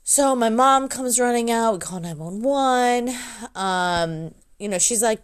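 A woman's voice: fairly high pitch, animated, unhurried, smooth. A woman telling a personal story in a raw, blunt, profane way, often restarting and correcting herself. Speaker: adult daughter sharing her story.

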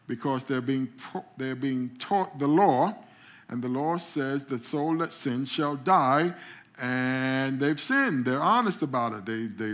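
A male pastor with a slightly high voice gives a conversational sermon, repeating and restarting words as he goes. He calls out to the congregation for responses.

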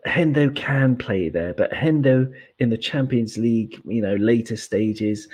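Man, podcast host, husky voice, teacherly, casual chat. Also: mid-range voice, unhurried, a little mellow. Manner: explains pronunciation step by step, teacherly.

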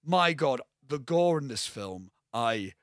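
A young man co-hosting a podcast, talking casually and excitedly about a film, rambling and swearing freely. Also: mid-range voice, slow, no echo, clean studio sound. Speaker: podcast co-host.

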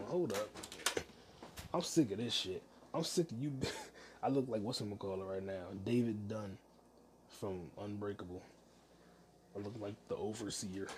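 Here the young podcast host sounds lower and darker in tone, again with a bit of background noise. He rants from home on his solo show, swearing heavily and laughing often.

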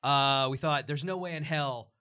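A man's voice: a little high, moderate pace, bright, forceful tone, clear, resonant tone. A man hosting a tabletop game show, upbeat and laughing often. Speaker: host. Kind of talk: show introduction.

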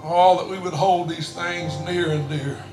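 A middle-aged man preaching a sermon as pastor, swinging from hushed storytelling to shouted preaching. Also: high voice, fairly even intonation, a little slow, roomy sound, over music. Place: church sanctuary.

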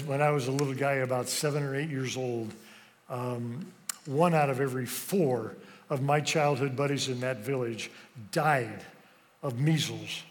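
Earnest storytelling man in a reverberant hall. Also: fairly high pitch. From West Africa. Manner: earnest, emotional, slow pauses with hesitations. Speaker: speaker. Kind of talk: personal storytelling speech. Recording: long reverb of a large hall.

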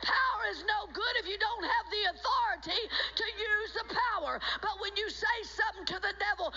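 Fervent woman pastor preaching, high and bright. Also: a little fast, hardly any pauses. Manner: fervent preaching, rising to shouts, tearful cries. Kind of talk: sermon. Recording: dull lo-fi sermon recording.

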